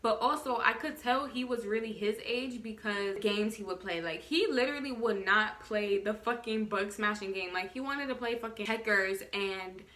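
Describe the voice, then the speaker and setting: A young adult woman vlogger telling a story in casual storytime style, quick, animated and full of swearing. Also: mid-range voice. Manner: rapid, profane, animated storytelling.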